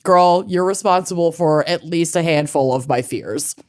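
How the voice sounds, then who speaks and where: A woman co-hosting a chatty true-crime podcast, bubbly and laughing, her voice swooping up high when excited. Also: moderate pace. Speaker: podcast co-host. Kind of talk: casual chat.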